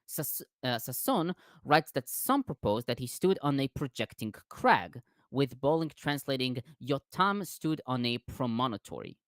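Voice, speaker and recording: A man's voice: mid-range voice, a little slow, hardly any pauses, no echo, studio quality. A man hosting a discussion, carefully reading out scholarly commentary. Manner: careful reading with lively intonation.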